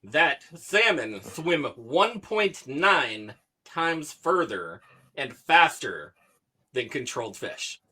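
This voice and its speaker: A man with a slightly high, bright voice and a lively, bouncing delivery, hosting a casual podcast. He rambles and stretches his words as he brings up a news story. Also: slightly rough. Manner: rambling, drawn-out, with fillers. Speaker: podcast host.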